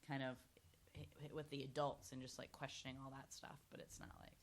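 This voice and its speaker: A young woman co-hosting a podcast in casual chat, relaxed and full of filler words. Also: a bass voice, brisk. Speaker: podcast co-host.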